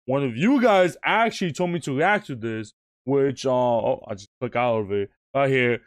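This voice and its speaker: A man's voice: medium pitch, animated, moderate pace, no echo, clean studio sound. A young man chatting casually as he reacts to a video, rambling, laughing often and restarting his sentences. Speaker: YouTube reactor.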